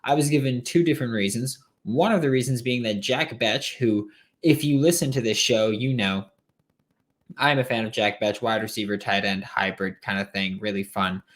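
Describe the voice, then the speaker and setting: A man's voice: mid-range voice, normal speed. A man hosting a solo sports podcast late at night, tired but opinionated and emphatic, with rambling asides.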